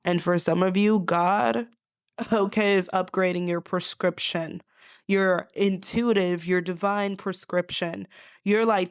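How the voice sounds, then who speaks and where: An intuitive card reader speaks directly to her viewers in a fairly low, clear, resonant voice, a little slow and fairly even in intonation, recorded dry at studio quality. She's sassy and emphatic, repeating lines for effect and calling the listener honey and babes during this spiritual reading.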